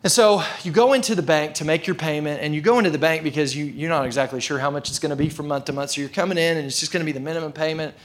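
A man's voice: a little high, racing, few pauses. A male preacher telling a story in a casual, conversational sermon, with frequent filler words.

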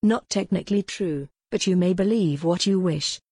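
A woman reading an audiobook voices a cool, mocking man who leads a sinister order, with a smooth, sardonic manner. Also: on the low side, normal speed, darkish tone, no echo, studio quality.

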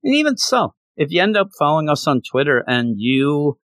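A man's voice: on the high side, very animated, brisk, fairly bright tone, no room sound. A man hosting a podcast, rambling in a casual, self-deprecating and jokey way on a close mic. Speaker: podcast host. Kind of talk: casual chat.

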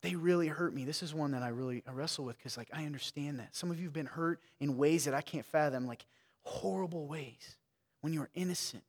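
A man's voice: fairly high pitch, brisk, long reverb tail. A man preaching a sermon as pastor, frank and joking, talking to his congregation in a conversational way. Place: church sanctuary.

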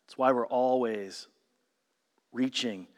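A man preaching a sermon, telling the story with emphatic swings from loud stresses to hushed lines. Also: mid-range voice, steady tone, slow pace. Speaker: pastor. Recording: long hall reverb.

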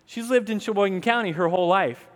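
A man's voice: high voice, quick pace. A man in his thirties from the American South, preaching a sermon in an earnest, conversational way with asides to the congregation. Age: 30s. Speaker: pastor. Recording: long hall reverb.

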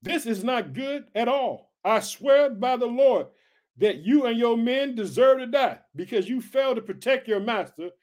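Man reading a bold young warrior, taunting, firm, very high voice. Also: lively intonation, moderate pace, a little mellow.

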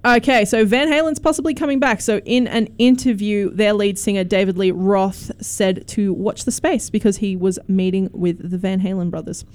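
A young woman hosting a casual community radio music show, chatty and quick to laugh. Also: medium pitch, fairly even intonation, darkish tone. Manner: chatty, laughs often, asks questions. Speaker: radio host.

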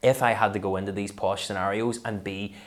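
A man with a Belfast accent, a comedian chatting as a podcast guest and telling stories in a lively way. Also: on the low side, brisk. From West Belfast, Northern Ireland. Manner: lively storyteller who slips into voices. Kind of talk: casual interview chat.

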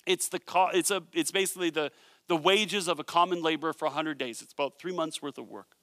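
A man preaching a sermon, retelling a parable in an animated storytelling way with joking asides. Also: on the high side, fast talker, no echo, clean studio sound. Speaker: pastor.

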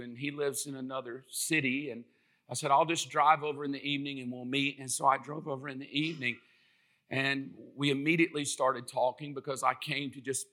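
A man's voice: mid-range voice, sharp tone. A man from South Georgia with a Southern American accent, preaching a sermon and telling stories, acting out the voices he quotes. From South Georgia, USA. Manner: storytelling, acts out quoted voices. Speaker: pastor.

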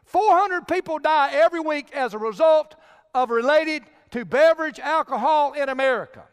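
A man's voice: very high voice, normal speed, long reverb tail. A male pastor preaching a sermon with emphatic direct appeals to his congregation.

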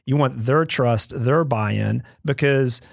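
A man on a podcast calmly explaining leadership steps in a conversational way. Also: medium pitch, gravelly, no echo, studio quality. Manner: measured, explains step by step with acted-out quotes.

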